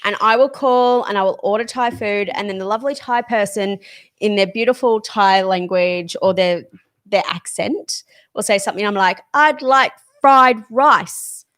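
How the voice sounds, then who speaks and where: A young woman co-hosting a casual podcast, chatty and quick to make fun of herself. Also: medium pitch, steady tone. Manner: giggly, self-mocking, chatty. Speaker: podcast co-host. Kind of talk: casual chat.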